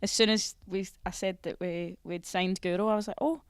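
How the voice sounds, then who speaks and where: A young woman with a Scottish accent chats and teases in a relaxed podcast conversation. Her pitch sits mid-range. The sound is dry and close, with no room echo. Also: a little fast, hardly any pauses, smooth. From Scotland. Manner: playful teasing, bursts of laughter. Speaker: footballer guest. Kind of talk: casual podcast chat.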